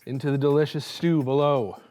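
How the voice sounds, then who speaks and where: A young man hosting a cooking show, rambling and joking excitedly as he cooks and tastes in a studio kitchen. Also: medium pitch, fairly quick, faint music behind. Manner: hyped, rambling, joking, laughing between lines. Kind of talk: casual on-camera cooking chatter.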